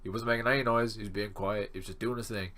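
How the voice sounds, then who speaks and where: A man's voice: lowish voice, quick pace. Rambling young man telling a story. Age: 20s. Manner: rambling, animated, swearing. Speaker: student vlogger. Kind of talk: storytime vlog.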